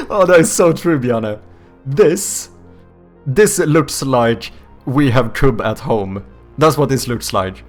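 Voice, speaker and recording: Animated, swearing male streamer chatting. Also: mid-range voice, slow, faint music behind. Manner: animated, swears often, breaks into laughter; reads out and answers viewer chat. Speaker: streamer and game developer. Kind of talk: casual live-stream chat. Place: home streaming setup.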